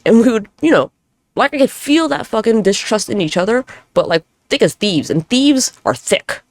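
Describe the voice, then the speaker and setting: A woman's voice: on the high side, expressive, normal speed, darkish tone, no echo. A woman hosting a solo podcast monologue, talking in a candid, rambling, profane way with self-deprecating humor. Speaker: podcast host.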